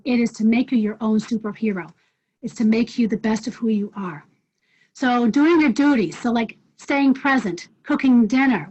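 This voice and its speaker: A woman teaching an online wellness class, direct and challenging, checking in with the group with frequent questions. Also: a little high. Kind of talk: live online class talk. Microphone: video call. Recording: dull lo-fi video call audio.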